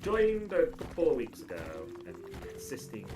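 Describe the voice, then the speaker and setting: A man serving as community ambassador on a casual gaming livestream, talking in halting bursts with many fillers. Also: on the high side, very animated, background noise. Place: gaming livestream with game music behind.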